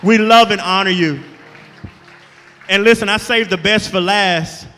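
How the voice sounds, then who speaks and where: Brief: high-voiced man, guest pastor, bright tone, echoey church with music under him. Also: a little slow, a faint crowd. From Alabama, USA. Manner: call-and-response preaching, building to shouts. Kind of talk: sermon. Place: church sanctuary.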